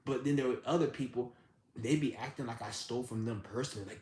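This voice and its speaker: A man's voice: mid-range voice, fast, darkish tone. Blunt, profane man ranting in a roomy space. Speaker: live-stream host. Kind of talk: ranting storytelling. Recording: roomy with faint background hum.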